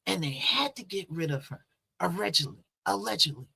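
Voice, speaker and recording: Bright-voiced woman host, chatty. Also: lowish voice, sing-song, moderate pace, breathy edge. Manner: chatty, conversational, rhetorical asides. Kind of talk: casual commentary on a news case.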